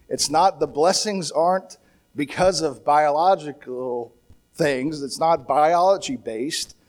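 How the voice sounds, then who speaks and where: A man delivers a sermon in a loose, conversational manner, his voice sitting a little high for a man. He trips over his words and restarts often, then lifts his voice when he quotes scripture. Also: a little mellow. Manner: conversational preaching, rises in pitch when quoting scripture; talks with restarts and asides, light laughs. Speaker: preacher.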